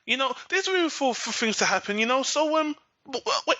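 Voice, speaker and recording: A man's voice: very high-pitched, big pitch swings, a little fast, pushed and bright, no room sound. A man hosting a podcast, recapping an episode in a sarcastic, profane, exasperated way. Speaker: podcast host. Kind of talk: casual recap and rant. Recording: dull lo-fi recording, dry.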